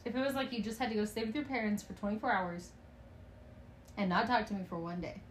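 A woman's voice: medium pitch, steady tone, quick pace, echoey room, a little hiss or hum. A young woman co-hosting a casual podcast with her partner, playful and teasing, laughing often as she talks. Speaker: podcast co-host. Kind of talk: casual couple's podcast chat.

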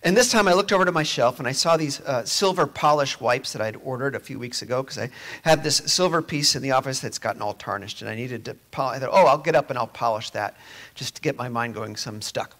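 A man's voice: medium pitch, quick pace. A man preaching a sermon in a conversational way, dropping to near-whispers at times. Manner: conversational, moving between quiet near-whispers and emphatic rises.

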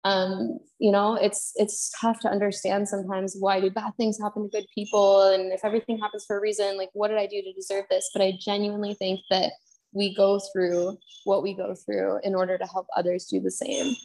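A woman's voice: medium pitch, brisk. A young woman from Canada, a podcast guest, telling her story candidly and heartfelt, acting out what she and others said. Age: young adult. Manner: heartfelt, quotes herself and others in lively re-enactments.

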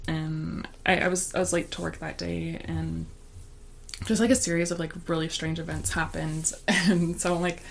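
Gravelly, chatty woman telling a story. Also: sits low, little pitch movement, normal speed, slight background noise. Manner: chatty, laughing storytelling with many "like" fillers. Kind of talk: casual chat.

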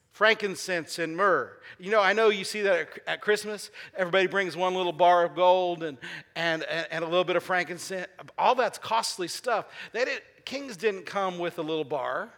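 A man's voice: sits high, pushed and bright. A man preaching a sermon as pastor, asking his congregation questions and repeating key phrases for emphasis. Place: church sanctuary. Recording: long reverb of a large hall.

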